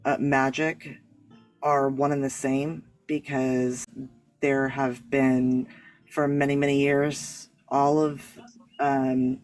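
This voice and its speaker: A man's voice: medium pitch, little pitch movement, slow, faint music behind, low-quality recording. A man, a guest on a live talk show, explaining his spiritual beliefs in an earnest, rambling way with many restarts. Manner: earnest, rambling, self-correcting. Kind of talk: casual discussion.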